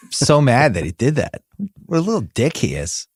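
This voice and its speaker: Middle-aged male host, mid-pitch, bantering about parenting with wry exasperation. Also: big pitch swings, moderate pace, slightly rough, dry recording, studio quality. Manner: joking, exasperated parent stories. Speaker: podcast host. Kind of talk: casual chat.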